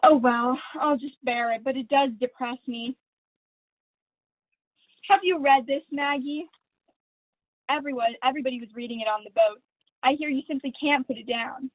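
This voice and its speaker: A teenage student actor at home reads a school play over a video call, playing a vain, gushing, glamorous stage actress in a catty mood. Her voice is high, at normal speed with long pauses, and her delivery is theatrical, affected, and honeyed. The audio is dry and tinny.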